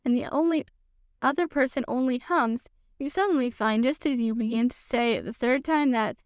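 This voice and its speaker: A gentle, slow-witted male teddy bear, earnest and musing, as a woman reads him. A storybook voice, smooth and clear, close to the mic. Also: on the high side, no echo, natural voice.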